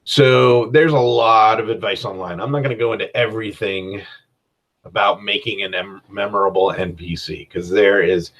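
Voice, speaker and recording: A man's voice: on the low side, steady tone, moderate pace, fairly bright tone. A man hosting a casual solo podcast as a game master, giving rambling, conversational advice and often restarting his sentences.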